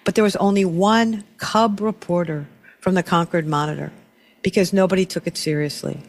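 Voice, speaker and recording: A middle-aged man hosting an interview, telling stories in a lively, restarting way. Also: high-pitched, normal speed. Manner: storytelling, animated with frequent restarts. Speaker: talk show host. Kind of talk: casual conversational interview.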